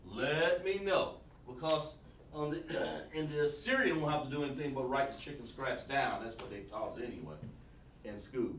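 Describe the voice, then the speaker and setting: Here a man teaches a language lesson over a livestream, his medium-pitched voice slightly bright and his speed normal. He repeats himself as he coaches and keeps checking with the chat for feedback. Audio comes through a distant mic in an echoey room with some faint noise.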